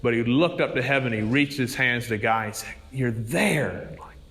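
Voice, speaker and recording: A man's voice: medium pitch, fairly even intonation, fairly quick, a bit bright, big-room sound. A man preaching a sermon, telling stories in an earnest manner. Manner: storytelling, earnest.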